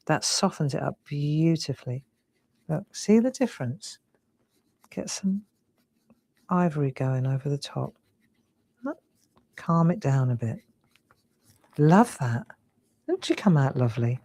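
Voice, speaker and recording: A woman's voice: low-pitched, very animated, unhurried, pauses often, slightly rough. A woman in her sixties with an English, slightly Cockney accent, chatting and demonstrating drawing live. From England. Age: 60s. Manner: chatty, warm, often says "look" and "lovely". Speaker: craft demonstrator.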